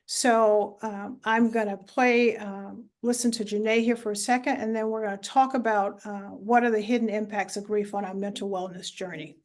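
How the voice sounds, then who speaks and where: A woman presenting a talk on grief in an online webinar, speaking in a measured way with many filler sounds. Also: mid-range voice, fairly even intonation, a little mellow.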